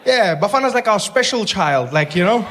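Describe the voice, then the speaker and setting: High-voiced man doing stand-up. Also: fairly quick, slight background noise. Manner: animated storytelling, acting out characters in voices. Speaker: stand-up comedian. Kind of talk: stand-up comedy routine. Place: live comedy show on stage.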